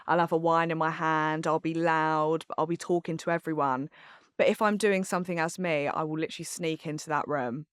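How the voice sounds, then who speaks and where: A woman talking as a podcast guest, candid and chatty, rambling with plenty of fillers. Her voice is smooth and clear, recorded dry and close in a studio. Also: low voice, steady tone, brisk, no echo. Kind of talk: casual chat.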